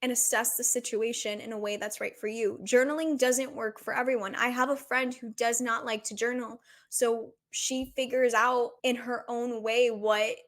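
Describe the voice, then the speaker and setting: A woman's voice: fairly high pitch, steady tone, normal speed, hardly any pauses, fairly bright tone. Young female podcast host with a raised voice, heartfelt and confessional, casual solo delivery. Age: 20s. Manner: earnest, confessional, says "like" often.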